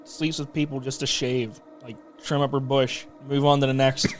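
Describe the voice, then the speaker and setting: A man's voice: mid-range voice, flat delivery, normal speed, a little hiss or hum. A man joking around in casual podcast banter with friends. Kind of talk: casual chat.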